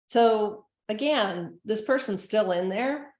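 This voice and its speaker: A woman's voice: medium pitch, animated, unhurried, few pauses. Earnest woman presenter in an echoey room. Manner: conversational, earnest, acts out gentle quoted lines. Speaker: dementia care consultant and presenter. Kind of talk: recorded presentation to caregivers.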